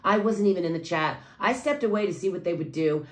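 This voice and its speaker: A woman who makes videos, giving an angry, profane monologue that swings between low muttering and raised outbursts. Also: animated, fairly quick. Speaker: video creator.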